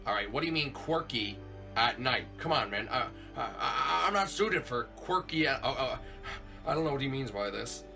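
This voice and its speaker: A man's voice: medium pitch, lively intonation, normal speed, creaky, over music. A man voicing a jittery failed cop turned night guard in a hobby plush video, stammering and repeating himself in panic. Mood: alarmed.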